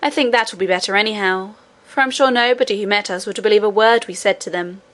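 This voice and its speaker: A woman's voice: medium pitch, fast talker, a bit bright, natural voice. A woman reading aloud, voicing a boy who speaks bluntly and rudely. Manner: blunt, rude. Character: boy miner, blunt and disbelieving.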